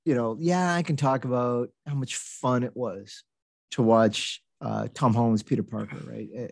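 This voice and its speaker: A man's voice: medium pitch, steady tone, moderate pace, creaky, darkish tone, no room sound, clean studio sound. A man co-hosting a casual movie podcast, speaking emphatically and bluntly. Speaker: podcast co-host. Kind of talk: casual chat about movies.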